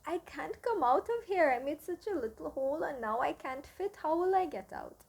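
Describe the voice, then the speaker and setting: A woman's voice: sits high, lively intonation, moderate pace, creaky, darkish tone. A woman voicing a greedy, hungry little male mouse in a children's story, whiny and pleading. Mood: greedy, whining.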